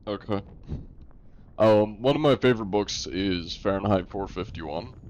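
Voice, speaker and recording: A man's voice: on the low side, a little slow, a little mellow, highs cut off. A young man streaming live, chatting casually with viewers and joking at his own expense. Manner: jokey, self-deprecating, answers chat.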